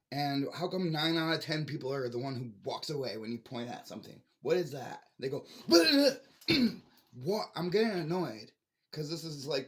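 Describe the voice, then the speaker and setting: A man talks straight to his camera in a long, rambling rant. He sounds frustrated, swears freely and keeps restarting his sentences. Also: mid-range voice. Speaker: vlogger.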